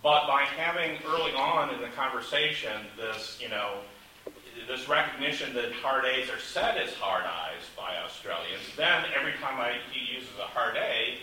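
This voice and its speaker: A man's voice: mid-range voice, animated, normal speed, pushed and bright. A male author in a casual panel chat, rambling and self-deprecating, with many restarts. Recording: echoey room, distant mic, faint hiss.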